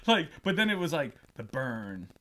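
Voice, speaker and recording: High, lively man telling a comic story. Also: normal speed. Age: adult, past twenties. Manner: animated, laughing often, acting out quoted voices. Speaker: podcast host.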